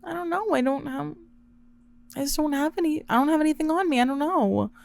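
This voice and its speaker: A woman's voice: high-pitched, sing-song, normal speed, vocal fry, smooth, voice pushed up, full character voice. A woman doing a meek, stammering insurance agent. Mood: flustered helpless. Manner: stammering, helpless. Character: meek, flustered insurance agent with empty pockets.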